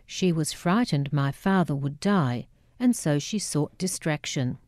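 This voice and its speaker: An Australian woman narrates a memoir at an unhurried, deliberate pace, her voice low and mellow. Her reading is measured and reflective, and the recording is dry and close with no room sound. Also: animated, no echo.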